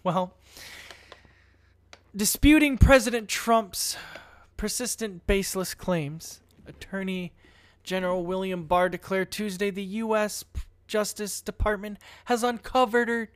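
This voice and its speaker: A young man with a high-pitched voice gives casual political commentary. He is blunt and mocking and swears freely, breaking off from the news he reads to jeer at it. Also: measured pace, clear, resonant tone.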